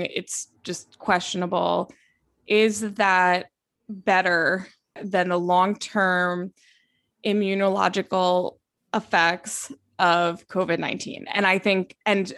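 A young woman talks casually as a podcast co-host, at a middle pitch. She often restarts a phrase while thinking it through, then leans hard on the point she wants to make. Her voice is recorded close and dry, with no room sound. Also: no echo. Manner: repeats words as she thinks aloud, lively emphasis. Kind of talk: casual conversational chat.

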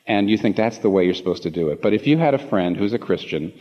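A man preaching a sermon to a congregation, passionate, repeating phrases for emphasis and swinging from low asides to emphatic peaks. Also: expressive, fast talker. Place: large room before a congregation. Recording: long hall reverb, slightly muffled.

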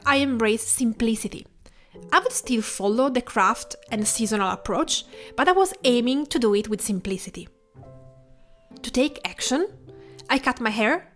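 A woman from Tuscany with an Italian accent, hosting her podcast in a gentle, reflective scripted narration. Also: fairly high pitch. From Tuscany, Italy. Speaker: podcast host.

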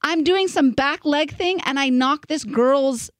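A young woman co-hosting a podcast, telling a story in an animated, casual way with lots of "like". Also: high voice, unhurried, no echo, studio quality. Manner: animated, filler-heavy storytelling with "like". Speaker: podcast co-host.

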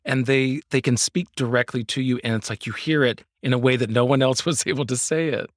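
A man interviewing a guest, gently reflecting back and summarizing what they said. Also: mid-range voice, a little fast, no room sound, studio quality. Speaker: singer.

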